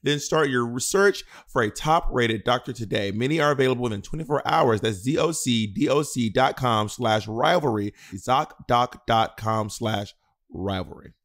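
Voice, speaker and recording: A man reading a scripted sponsor advertisement in a smooth, even delivery. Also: medium pitch, normal speed, hardly any pauses. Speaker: ad reader. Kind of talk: scripted ad read.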